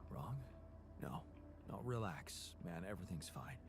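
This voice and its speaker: An actor playing a patient man in a video game who calmly reassures and guides his newly made double in a measured, soothing way. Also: low-pitched, over music. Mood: reassuring. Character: calm male creator, patient, reassuring guide.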